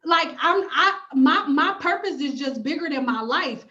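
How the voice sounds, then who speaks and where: Brief: high-pitched woman, blunt profane livestream rant, slightly dull lo-fi audio. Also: lively intonation, a little slow, pushed and bright. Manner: blunt, emphatic, profane, repeats phrases for emphasis. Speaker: hair care YouTuber and cosmetologist.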